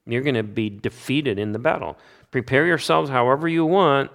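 A man's voice: medium pitch, moderate pace, gravelly, a bit bright. A man giving an expository Bible teaching, stressing points by repeating key phrases and posing rhetorical questions that he then answers himself. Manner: emphatic, asks rhetorical questions and answers them.

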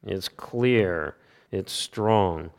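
A man with a fairly low voice walks his listeners through a passage of Scripture in the manner of a sermon. He leans on repetition and rhetorical questions to drive each point home. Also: drawn-out words, gravelly. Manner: emphatic, asks rhetorical questions and answers them; repeats key phrases for emphasis. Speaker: Bible teacher. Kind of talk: expository Bible teaching.

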